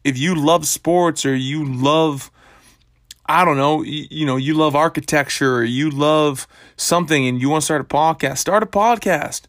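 A man's voice: fairly high pitch, steady tone, moderate pace, a bit bright, no echo, clean studio sound. A young man hosting his own podcast, talking casually and bluntly in a rambling motivational monologue that is full of swearing. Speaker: podcast host.

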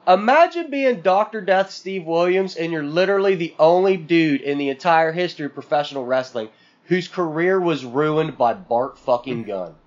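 A man's voice: fairly high pitch, lively intonation, moderate pace, highs cut off. A man co-hosting a podcast, venting in a profane, exasperated rant full of sarcastic mock quotes. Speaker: podcast co-host.

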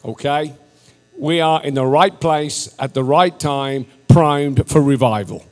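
A man from England, a visiting missionary preaching a jovial sermon that turns to loud exhortation. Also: on the high side, takes it slowly, in a large hall. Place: church sanctuary.

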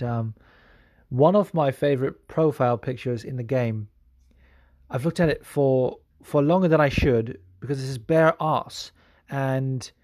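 A man's voice: medium pitch, darkish tone, dry recording, clean studio sound. A man hosting a podcast in casual chat, rambling with many fillers and swearing freely. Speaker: podcast host.

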